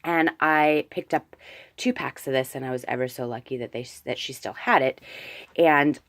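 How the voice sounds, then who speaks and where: Low-pitched woman host, chatty gushing craft show-and-tell, home table. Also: normal speed, fairly bright tone, no room sound. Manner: chatty and gushing, with fillers and self-corrections. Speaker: crafter showing a handmade album. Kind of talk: casual show-and-tell vlog.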